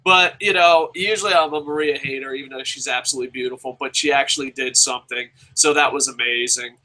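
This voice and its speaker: A man reviewing a wrestling show in a casual, profane rant, his pitch leaping up whenever he gets exasperated. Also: fast talker, low-quality recording. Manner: profane, animated, swears constantly; jumps sharply in pitch when exasperated.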